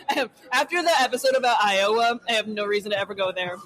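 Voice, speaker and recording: A woman co-hosting a casual podcast, with sarcastic, profane, deadpan jabs. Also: medium pitch, fast, poor audio. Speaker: podcast co-host.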